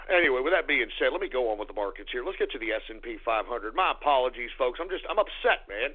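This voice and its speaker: A man's voice: mid-range voice, lively intonation, fast, breathy edge. A male radio talk show host who rants bluntly and profanely, then reads market figures. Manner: angry, blunt, profane ranting. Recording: tinny phone-like radio audio.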